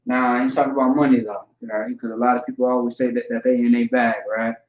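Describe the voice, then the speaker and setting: A man leads a casual word lesson, saying each term over several times and pausing often to check in. His voice is mid-pitched and sits in a roomy, echoing space. The recording is dull and lo-fi. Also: flat delivery. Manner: repeats words slowly and checks in with "all right" and "okay". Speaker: language teacher. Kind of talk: informal vocabulary lesson. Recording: echoey room, dull lo-fi sound.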